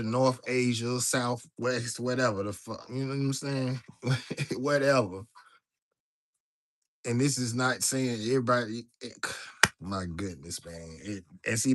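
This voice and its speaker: A man's voice: medium pitch, fairly bright tone. A man hosting a casual livestream, talking loosely and greeting viewers from the chat. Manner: loose, chatty, talks to viewers directly, reads chat aloud. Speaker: livestream host.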